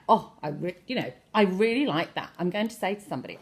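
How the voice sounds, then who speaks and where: Lively woman teaching French phrases. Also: on the low side, fast talker, hardly any pauses. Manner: lively, expressive, playful overacting of phrases. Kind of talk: online language lesson.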